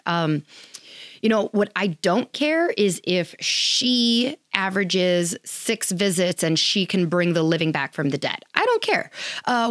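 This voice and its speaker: A woman's voice: fairly low pitch, no echo. Blunt, chatty woman host, dry close sound. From Wisconsin, US. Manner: blunt, candid, chatty with many fillers. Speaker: podcast host advising chiropractors. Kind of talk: casual advice talk.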